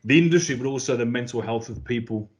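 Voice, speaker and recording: A man's voice: medium pitch, fast. A man hosting a casual podcast, chatty and jokey, often restarting his phrases. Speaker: podcast host.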